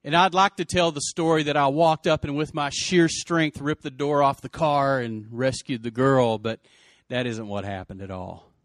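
A man's voice: mid-range voice, no echo, clean studio sound. Earnest man telling a story. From West Texas. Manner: earnest, emotional, quick surges and hushed drops. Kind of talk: personal storytelling.

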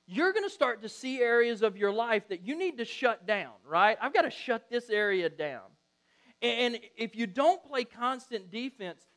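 Man, middle-aged, pastor, sermon, high voice, animated storytelling. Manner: animated storytelling, acts out quotes.

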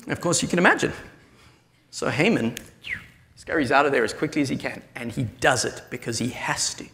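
A man preaching a sermon, retelling a story with animated voices for the characters. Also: medium pitch, fairly quick, vocal fry, big-room sound.

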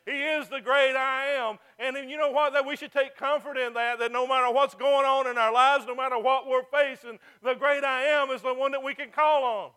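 Man, pastor, sermon, bright ringing voice, folksy. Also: very high voice, fairly even intonation, brisk, hardly any pauses, smooth. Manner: folksy, joking, fervent preaching. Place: church.

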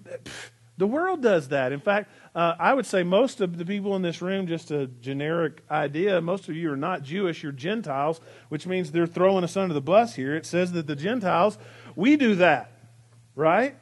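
A male pastor preaching a sermon in a church, swinging between emphatic lines and soft, hushed repetitions. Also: on the high side, lively intonation, moderate pace. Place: church sanctuary.

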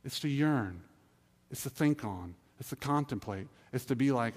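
A man's voice: medium pitch, expressive, normal speed, a little mellow. A man pastor, preaching a sermon in an earnest, pleading, conversational way with acted asides. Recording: reverberant hall.

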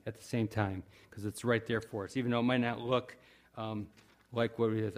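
A man preaching a sermon in a conversational, earnest way, often pausing with fillers and restarting his sentences. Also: lowish voice, fairly even intonation. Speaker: pastor.

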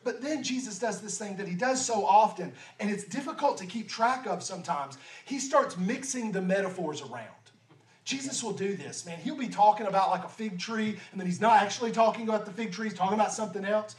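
A man's voice: sits high, animated, brisk. A man preaching a sermon in a casual, conversational way, full of rhetorical questions. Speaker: pastor. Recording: echoey room from far off.

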